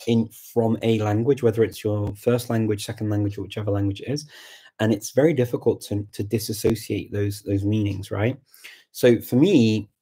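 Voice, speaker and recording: Male language coach on a live stream. Low, mellow, slightly husky voice. Explanatory, conversational delivery. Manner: thoughtful and explanatory, reads out comments and reacts warmly. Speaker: language-learning coach hosting a live chat. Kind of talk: casual live-stream chat answering viewer questions.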